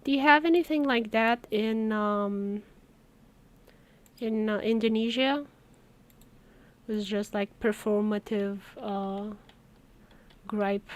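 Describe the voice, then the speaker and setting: A woman's voice: medium pitch, slow pace, long pauses. A woman from Romania, chatting casually on a live stream and telling stories with little laughs. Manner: chatty storytelling, laughs between words. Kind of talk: casual chat while working.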